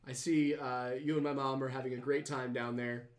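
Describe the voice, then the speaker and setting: A man's voice: medium pitch, level tone, moderate pace, roomy sound, a little hiss or hum. A man hosting a podcast, chatting casually and reading viewer comments, rambling with many fillers and restarts. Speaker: podcast host.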